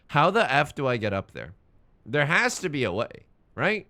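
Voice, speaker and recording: Lively, bright-voiced young male streamer. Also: fairly high pitch, a little slow. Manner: rambling, self-mocking, swears when frustrated. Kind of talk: casual gaming stream chat.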